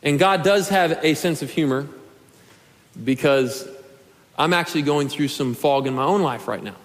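Earnest young preacher in a reverberant hall. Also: male voice, fairly high pitch, moderate pace. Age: 20s. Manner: earnest, pleading, builds to shouts. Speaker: pastor. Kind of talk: sermon. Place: church sanctuary.

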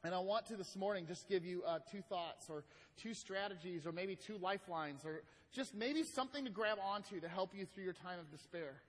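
Husky pastor with a hall echo. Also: male voice, high-pitched. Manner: swings from loud emphatic lines to hushed slow ones. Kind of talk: sermon. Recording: long hall reverb.

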